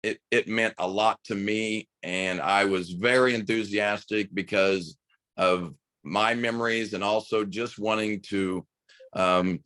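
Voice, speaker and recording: This middle-aged man from the U.S., both a high school basketball coach and a radio broadcaster, eagerly recounts a story during a podcast interview. His voice carries a fairly bright tone, with no room sound audible.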